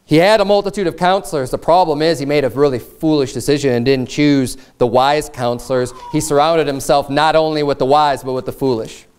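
A man's voice: a little high, steady tone, fairly quick, hardly any pauses, a little mellow, smooth. Earnest preaching pastor, man. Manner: earnest, emphatic preaching with repeated phrases; reads scripture aloud in formal old style. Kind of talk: sermon.

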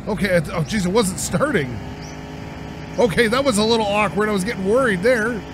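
A man's voice: high voice, fairly quick. A young man with a sore throat, chatting and laughing as he plays a driving game. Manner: chatty, rambling, laughs often. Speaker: gaming channel host. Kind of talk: let's play commentary. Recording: game engine noise underneath. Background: car engine and game ambience.

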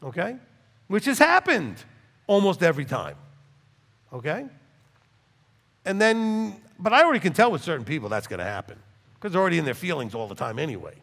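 A rabbi teaching Torah to a live class, acting out dialogues with big swings in loudness. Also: male voice, brisk, creaky, pauses often. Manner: animated, acts out dialogues in wide swings of pitch and loudness. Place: hall with a live audience. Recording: long reverb in a hall.

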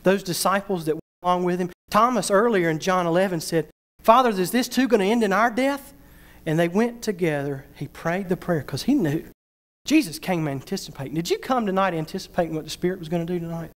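High-voiced preaching man. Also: a little fast. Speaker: pastor. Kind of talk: revival sermon. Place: church.

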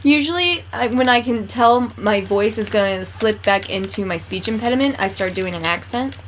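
A woman chatting casually beside a friend's gameplay, reading aloud haltingly and stumbling over words. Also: medium pitch, animated, slight background noise. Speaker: game co-host. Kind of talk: casual chat.

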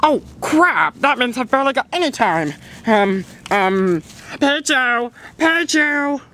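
A woman voicing an excitable player character in a fan-made puppet drama. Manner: excitable, quick shifts in pitch.

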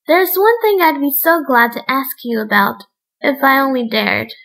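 Woman reader doing a clever fairy-tale princess, gentle and coaxing, bright high voice. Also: moderate pace, rough recording. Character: clever young princess held by giant.

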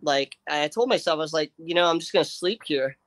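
This slightly high male voice moves a little fast, with no echo, as he chats casually on a livestream. He's telling a long, meandering story full of fillers and restarts, animatedly playing out his friends' dialogue.

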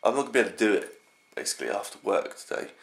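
A young man rambling through a casual early morning vlog at home, his voice groggy and croaky from just getting up. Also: fairly low pitch, lively intonation, very fast, a bit bright. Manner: rambling, scattered. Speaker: vlogger.

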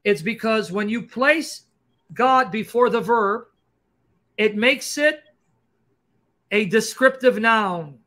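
A man hosting a livestream Q&A and explaining grammar point by point in a fast, emphatic, combative lecturing style. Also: high voice, sharp tone. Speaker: Christian apologist host. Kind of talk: livestream teaching Q&A.

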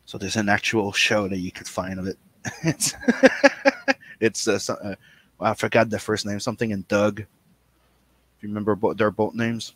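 A man from Canada hosting a casual podcast chat, animated and profane, often stammering and restarting his sentences. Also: lowish voice, unhurried, pauses often, no room sound. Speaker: podcast host.

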